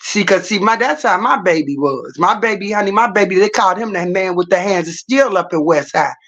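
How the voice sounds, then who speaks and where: A woman's voice: mid-range voice, lively intonation, brisk, fairly bright tone, highs cut off. A middle-aged woman livestreaming, telling stories in a blunt, profane, casual rant.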